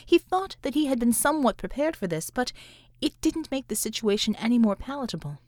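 A woman reading an audiobook in a measured, even storytelling manner. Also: fairly high pitch, dry recording, studio quality. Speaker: audiobook narrator. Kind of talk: scripted audiobook narration.

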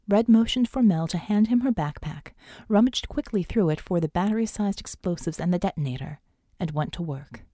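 Woman, audiobook narrator, steady, mellow, dry close recording. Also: lowish voice, a little fast, few pauses, dry recording. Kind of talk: scripted narration.

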